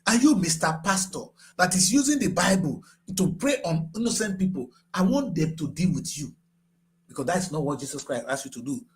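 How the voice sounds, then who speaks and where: An older man with a Nigerian English accent delivers impassioned political commentary. His voice sits high and leaps all over the place, dropping to a low, grave tone before rising into shouts. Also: animated, a little fast. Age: 60s.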